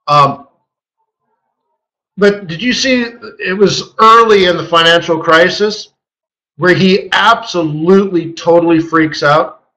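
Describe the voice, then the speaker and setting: A man hosting a live trading webinar, telling a story in a casual, animated way and acting out quotes with a chuckle. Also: a little high, low-quality recording. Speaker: forex market strategist hosting a live webinar.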